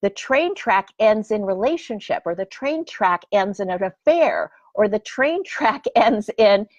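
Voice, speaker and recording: Animated woman teaching about dating. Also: medium pitch, unhurried, no room sound, muffled recording. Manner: animated and expressive. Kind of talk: casual talk.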